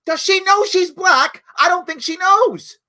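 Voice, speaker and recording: A middle-aged man giving impassioned solo commentary as a talk show host, emphatic and preachy, dropping from outrage to low pleading. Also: unhurried. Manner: emphatic and preachy, jumps from loud outrage to low hushed pleas.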